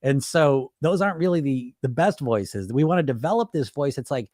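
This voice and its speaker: A man's voice: medium pitch, animated, moderate pace, hardly any pauses, a little mellow, no echo, studio quality. A man hosting a podcast as a weight loss coach, talking in a conversational way, laughing often and acting out little voices. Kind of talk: casual talk.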